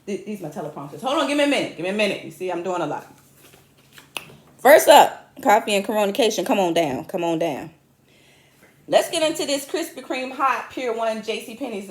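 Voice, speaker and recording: Woman comic host, young adult, chatty self-mocking storyteller, mid pitch, echoey room. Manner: animated, chatty, self-mocking with sudden high squeals. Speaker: comedian host. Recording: roomy echo.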